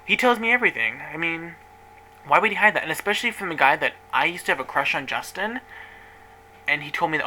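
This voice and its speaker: A man's voice: on the high side, expressive, quick pace, sharp tone, a little hiss or hum, low-quality recording. A young man vlogging, telling a personal story in a chatty, dramatic way and swearing freely. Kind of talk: casual storytelling to camera.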